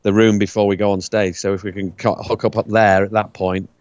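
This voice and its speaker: A man's voice: on the low side, level tone, fairly quick, a little mellow, no echo, muffled recording. A man from the UK, a musician guest in a casual interview, talking hesitantly and restarting his words.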